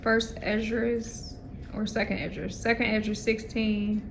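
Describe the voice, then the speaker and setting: A woman in a scripture class reading verses aloud deliberately. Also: a little high, flat delivery, creaky, noisy background.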